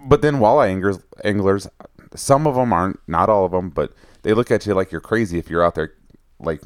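A man's voice: low voice, fairly quick, clean tone, dry recording, studio quality. A man co-hosting a fishing podcast in casual chat, telling stories and acting out the people he quotes. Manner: animated storyteller, acts out quoted anglers. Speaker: podcast co-host.

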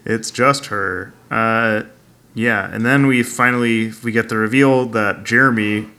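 A man with a bright, forward voice chats loosely about a TV episode. He rambles through the plot and laughs along with friends. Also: on the low side, steady tone, a little slow. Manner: rambling, laughing, quoting characters in silly voices. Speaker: podcast co-host recapping a TV episode. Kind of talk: casual chat.

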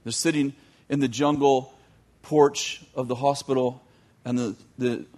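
A man telling a long story in a sermon, animated, with joking asides to his audience. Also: medium pitch, unhurried. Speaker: youth teacher.

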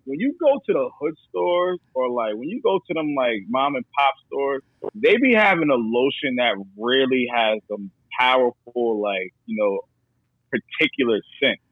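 A man's voice: medium pitch, lively intonation, moderate pace, dry recording, narrow, tinny audio. A man talking casually as a podcast guest, laid-back and slangy, often repeating himself as he works out what to say.

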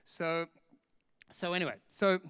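High-pitched, animated male preacher. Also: measured pace, clear, resonant tone, dry recording, studio quality. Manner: animated storytelling, laughing at himself. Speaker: pastor. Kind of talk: sermon with personal story.

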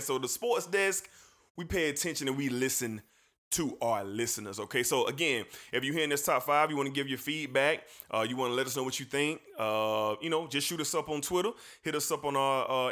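Laid-back male sports show host. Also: medium pitch. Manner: relaxed, repeats words, slangy. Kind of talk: casual sports talk.

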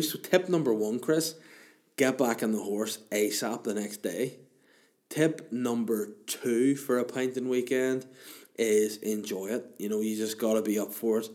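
A man's voice: on the low side, normal speed, a little mellow. A man, hosting a casual chat show and answering listener questions in a rambling, crude, self-mocking way.

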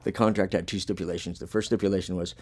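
Racing along in a deep, steady, slightly mellow voice, a punk musician and podcast host chats casually. He tells long rambling stories, swearing plenty and using lots of filler words in a laid-back manner.

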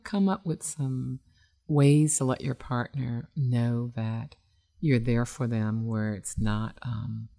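A woman's voice: rumbling low, creaky, mellow. A woman hosting an internet radio show as a relationship expert, giving advice in a conversational, emphatic way with frequent fillers.

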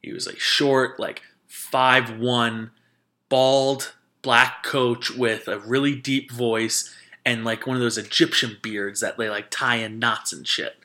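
Podcast host, 30s man from New Jersey, casual rambling storyteller, bright forceful voice. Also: medium pitch, steady tone, slow pace. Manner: casual, rambling, with many fillers.

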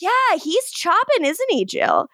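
A woman co-hosting a podcast, recapping an episode in casual chat, animated and profane, acting out the characters' lines. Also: very high-pitched, slow pace, no room sound. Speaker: podcast co-host.

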